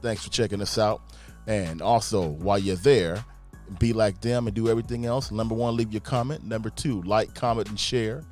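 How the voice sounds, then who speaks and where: A man's voice: fairly low pitch, normal speed, soft background music. A man hosting a radio live stream, plugging the show and reading the call-in number with energy. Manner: energetic promo delivery, reads out phone number.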